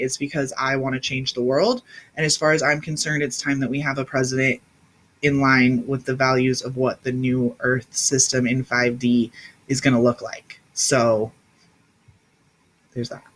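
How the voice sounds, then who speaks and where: A woman in her thirties hosts a casual spiritual livestream, speaking in a low, slightly bright voice. She talks intensely, emphatically, and in a rambling way, now and then answering viewers directly into a webcam or phone mic.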